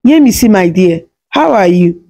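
A woman voicing a kind, loving old village grandmother who talks warmly and slowly in a storybook tale. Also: medium pitch, animated. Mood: warm teasing. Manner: warm, teasing, slow.

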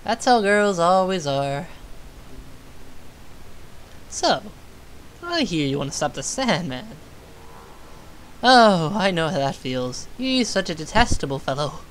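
A teasing, smug male unicorn with a flirty streak, as a woman puts him on while reading a game aloud. The lines come slowly and swing widely in pitch, with a faint hiss behind the voice. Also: sing-song, rough recording.

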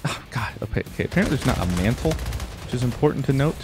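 A man giving casual gameplay commentary as a YouTuber, excitable, yelping and talking to himself as he plays. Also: medium pitch, rapid-fire, over music. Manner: excitable, yelps and exclaims, talks to himself. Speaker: gaming YouTuber.

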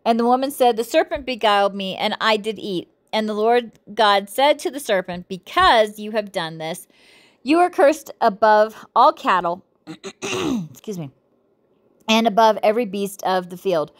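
A woman's voice: mid-range voice, moderate pace. A woman reading scripture and a devotional book aloud, with frequent self-corrections and playful, giggly asides.

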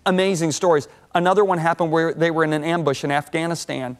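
60s guy on a tv talk show, preachy storytelling, kinda high voice that jumps around a lot. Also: quick pace, smooth. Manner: lively, swings pitch up and down while telling stories. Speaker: guest speaker on a TV talk show. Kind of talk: animated storytelling sermon-talk.

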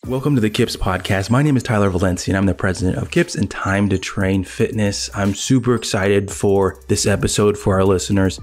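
Lower-voiced male host, upbeat and quick, for an interview podcast intro. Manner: energetic, talks fast when excited.

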